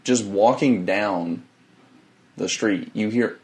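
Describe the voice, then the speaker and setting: A man's voice: lowish voice, takes it slowly, darkish tone. A young man co-hosting a casual podcast, laid-back, with short agreeing replies and slang. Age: young adult. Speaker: podcast co-host. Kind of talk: casual chat.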